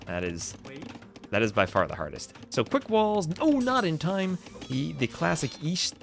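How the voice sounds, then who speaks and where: On a live stream, a young New Jersey man with a mid-range voice and a New Jersey accent commentates a strategy game. He chats with viewers and answers their messages between plays, laughing often, as game music plays behind his voice.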